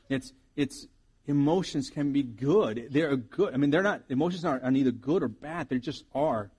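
A man's voice: mid-range voice, warm tone, slightly rough. A man preaching a sermon as pastor, earnest and reflective, often restarting his sentences.

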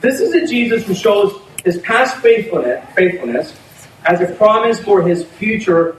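A man preaching a sermon in an animated, conversational way, often breaking into laughter. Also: high-pitched, normal speed. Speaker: pastor. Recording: echoey room, mic at a distance, faint noise.

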